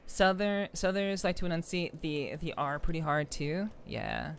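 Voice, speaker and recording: A woman's voice: on the low side, unhurried, gravelly, a little hiss or hum. A woman streamer chatting casually with her viewers while playing, laughing often and reacting to chat. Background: game music.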